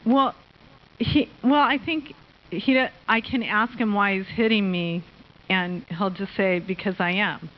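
A woman from the audience asking a question, speaking hesitantly with many pauses and ums. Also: mid-range voice. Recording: dull lo-fi sound.

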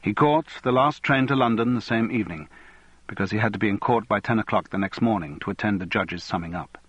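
A man reading a novel aloud as audiobook narrator, measured and even. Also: on the low side, slightly rough, no room sound, muffled recording. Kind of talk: scripted narration.

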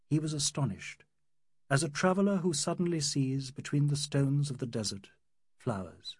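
A man narrating a novel as an audiobook in an expressive, varied manner. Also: a little high, husky, no echo, studio quality.

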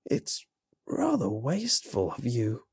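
Casting note: male narrator doing a fragile flesh creature for a horror story, creaking, barking whisper, somber. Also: medium pitch, huge pitch swings, takes it slowly, no room sound, studio quality, heavily acted. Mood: whispering weakly. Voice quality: harsh, creaking, barking grind. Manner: quiet, breathy whisper. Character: weak half-formed flesh creature, sorrowful.

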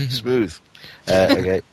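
A man's voice: on the low side, extremely slow, breathy edge. A man guest on a podcast who laughs easily in casual chat.

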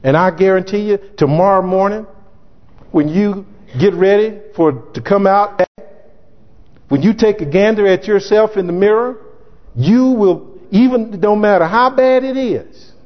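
A man preaching a sermon as pastor, emphatic and sometimes shouting, acting out scripture in character voices. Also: high-pitched, measured pace. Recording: dull lo-fi recording in echoey hall.

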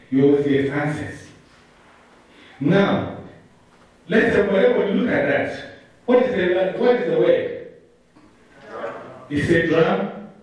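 A man teacher giving a lively talk to a live audience, playfully calling on people and leading call-and-response. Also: high-pitched. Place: large room with an audience. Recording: echoey room, mic far off.

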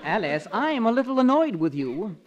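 An actor playing a formal, prissy brother-in-law in a 1940s radio comedy. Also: male voice, high-pitched, very animated, brisk, highs cut off, background noise. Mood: prim. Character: stuffy, prim brother-in-law in a business suit.

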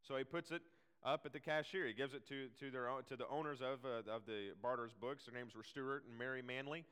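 A man's voice: medium pitch, steady tone, brisk, a bit bright, clear, resonant tone, long reverb tail. A man preaching a sermon in a casual, chatty way, full of fillers and restarts.

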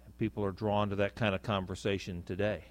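A male pastor giving a sermon in a conversational way, speaking softly on reflective lines and rising for emphasis. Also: little pitch movement, brisk. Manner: conversational preaching, rising with emphasis on key points; drops to a soft, low voice for reflective lines.

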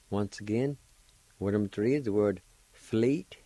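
A man teaching a language lesson on radio, spelling out words slowly and deliberately, syllable by syllable, with an encouraging manner and a Cherokee-speaking Oklahoma accent. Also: on the low side, dark tone, no echo, rough recording.

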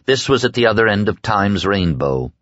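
A man reading an audiobook in a measured, steady narration. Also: on the low side, no room sound. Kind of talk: scripted narration. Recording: dull, dry lo-fi audio.

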